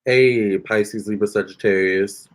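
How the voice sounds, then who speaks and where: A man's voice: fairly low pitch, fairly even intonation, unhurried. A man doing a tarot reading on a live stream, answering viewer comments in a chatty, sassy way and calling them honey and girl. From Virginia. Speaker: tarot reader.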